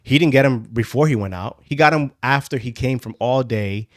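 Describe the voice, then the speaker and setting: A man's voice: mid-range voice, a little fast, no echo, studio quality. Easygoing man musing on a podcast. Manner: loose and conversational, many fillers like "like" and "you know what". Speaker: podcast co-host. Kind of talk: casual discussion of Bible stories.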